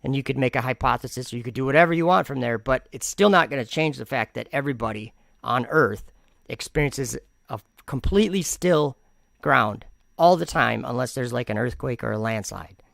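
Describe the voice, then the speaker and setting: A man's voice: mid-range voice, brisk, gravelly, fairly bright tone, no room sound, studio quality. A man hosting a commentary vlog, reacting to comments in an argumentative, sarcastic way and rambling with frequent restarts. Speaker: channel host.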